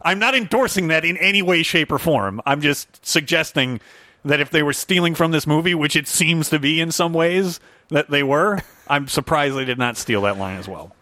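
Male podcast co-host, bright and fairly high voice, animated, laughs easily. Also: moderate pace, no room sound. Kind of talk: casual film discussion.

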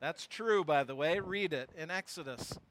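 Man, pastor, preaching with emphatic rhetorical questions; voice high and bright. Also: moderate pace, a little hiss or hum. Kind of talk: sermon with verse-by-verse Bible teaching.

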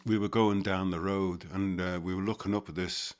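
An older man with a Scouse accent, his voice sitting very low. He reminisces in a loose, halting way, full of ums and restarts, as a podcast guest. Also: flat delivery. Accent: Liverpool (Scouse). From Liverpool, England. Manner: halting, many fillers and restarts. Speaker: guest storyteller. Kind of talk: casual recollection.

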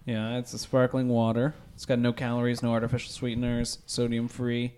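A man's voice: medium pitch, monotone, a little fast, darkish tone, clear, resonant tone. A man co-hosting a comedy podcast, chatting casually with a dry, sarcastic humor. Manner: sarcastic, joking. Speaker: podcast co-host.

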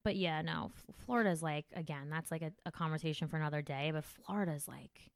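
Woman podcast host, lowish voice, animated crude chat, dry close sound. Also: brisk, creaky, dry recording. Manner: crude, animated, swearing freely.

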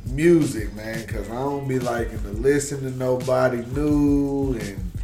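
A man's voice: mid-range voice, unhurried. Chill guy cohosting a podcast, slangy, trips over his words, music going. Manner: laid-back slangy talk, stammers and restarts. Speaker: podcast co-host. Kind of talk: casual chat.

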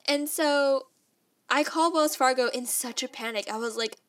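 A young adult woman telling a personal story in a casual, animated way, with lots of "like" and quick laughs. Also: high-pitched, clear, resonant tone. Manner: animated and emotional, heavy use of "like", frequent laughs.

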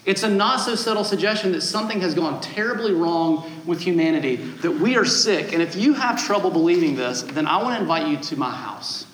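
A man in his thirties preaching a sermon as a guest pastor, telling stories with animated, self-deprecating humor. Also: fairly high pitch, fairly quick, hardly any pauses, echoey room, slight background noise, low-quality recording.

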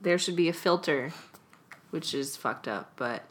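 Young woman from california, casual guest, keeps laughing, lowish voice. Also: measured pace, slight background noise. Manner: chatty, laughs often, many "like" fillers. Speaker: interview guest. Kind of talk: casual conversation.

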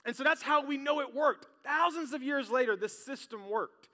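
High, bright-voiced preacher. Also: male voice, moderate pace, hardly any pauses. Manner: lively, jokey, talks straight to the crowd. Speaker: pastor. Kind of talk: sermon. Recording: long hall reverb.

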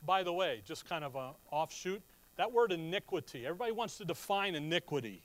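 A middle-aged man preaching a sermon, emphatic, quizzing his listeners and reading scripture slowly and loudly. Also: a little high, animated. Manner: emphatic, asks the audience questions.

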